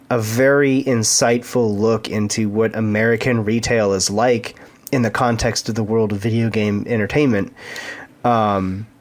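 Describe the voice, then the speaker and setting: A man co-hosting a casual podcast chat, earnest and stumbling over repeated words. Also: fairly low pitch. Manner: stammering restarts, earnest. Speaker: podcast co-host.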